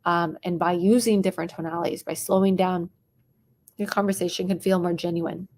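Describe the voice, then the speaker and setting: A young adult woman coaching on sales tonality, talking quickly and dropping into whispers or bright bursts to show different tones. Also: fairly low pitch, fairly even intonation. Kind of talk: teaching sales tonality to a live chat audience.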